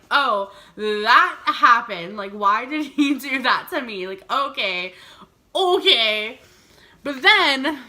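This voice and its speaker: Bright-voiced chatty young woman. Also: on the high side. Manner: chatty, heavy use of "like", giggly. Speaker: vlogger. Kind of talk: storytime vlog.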